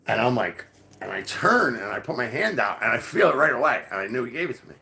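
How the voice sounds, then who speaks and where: A man's voice: medium pitch, sing-song, fast talker, vocal fry, sharp tone. A man casually telling a rambling, profane story full of fillers. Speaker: podcast host.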